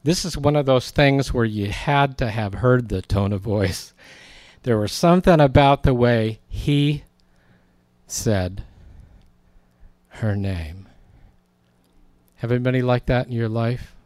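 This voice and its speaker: A man's voice: medium pitch, slow, pauses often, a little mellow, no room sound. A man preaching a sermon in a conversational, storytelling way, acting out quoted lines.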